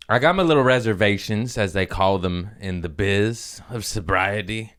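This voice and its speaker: A caffeine-wired man hosts a solo comedy podcast on a studio microphone, rambling casually, jumping topics, swearing, and laughing often in an excitable way. His voice is lowish and smooth at normal speed, with hardly any pauses.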